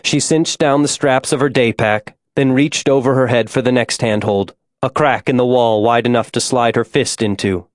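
A man reading an audiobook in a measured, scripted narration. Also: mid-range voice, steady tone, no room sound, clean studio sound.

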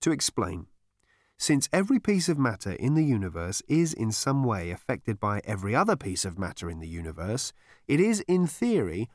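Dude narrating a storybook, wry and theatrical, really bouncy up and down voice, dead dry close mic. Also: male voice, medium pitch, no echo. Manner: wry, animated, theatrical delivery. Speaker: audiobook narrator.

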